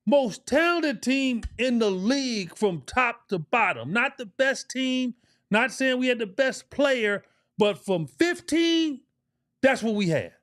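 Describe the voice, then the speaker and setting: Middle-aged guy with a high voice telling old stories on a podcast, repeats himself for emphasis, cusses. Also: a bit bright. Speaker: podcast co-host and former pro basketball player. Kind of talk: casual storytelling.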